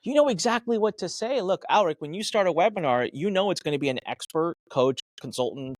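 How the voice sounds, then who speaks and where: A man guest on a podcast, giving energetic, emphatic business advice and acting out his own thoughts in quick asides. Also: sits high, no room sound. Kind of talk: animated advice talk.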